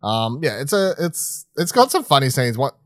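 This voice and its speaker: A man's voice: mid-range voice, big pitch swings, normal speed, a bit bright, no room sound. Casual male co-host, dry close sound, loose rambly delivery with plenty of swearing and laughs. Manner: rambling, restarts, swears freely; laughs often while telling stories. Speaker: podcast co-host. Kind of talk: casual chat reviewing films.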